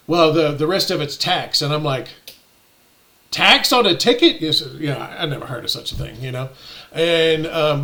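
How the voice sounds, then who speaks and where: A man casually telling a personal story, animated and indignant as he acts out the exchanges. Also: fairly high pitch. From United States.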